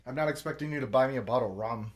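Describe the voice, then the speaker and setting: A podcast host's medium-pitched voice races as he tells a story on a laid-back show. Swearing plenty, he animatedly performs every quote himself.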